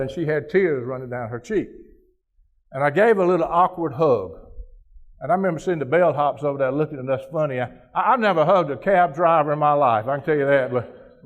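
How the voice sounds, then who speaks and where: A man giving a keynote speech, telling a personal story in a folksy, conversational way with frequent restarts. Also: on the high side. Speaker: keynote speaker.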